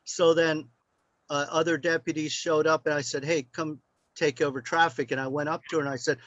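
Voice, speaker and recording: A man's voice: fairly high pitch, little pitch movement, a little fast, a bit bright, dry recording, dull audio. Older male guest speaker, meandering anecdotal delivery, dry and close. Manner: rambling, anecdotal, with many fillers. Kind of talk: storytelling.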